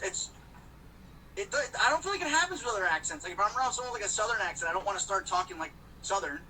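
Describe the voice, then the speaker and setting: A man's voice: sits high, sharp tone, far from the mic, slight background noise, poor audio. A man chatting casually on a live stream while he drives, joking and rambling to his viewers. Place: in a car. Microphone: phone.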